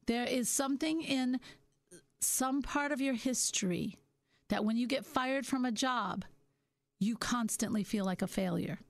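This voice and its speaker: Self-help host, woman, middle-aged, gentle and musing delivery, a touch high, dry close sound. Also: dry recording. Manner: gentle, musing, slows down for key points. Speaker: podcast host. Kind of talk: reflective self-help talk.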